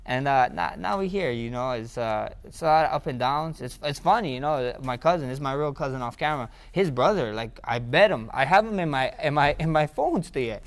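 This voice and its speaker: A young man with a mid-range voice tells stories from his past in a casual interview. He talks loosely, repeats his words and trips over his phrasing, and he often jumps up in pitch and volume when he gets excited. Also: a little fast, hardly any pauses. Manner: rambling, repeats words, grows excited and loud. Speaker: interview guest, fighter.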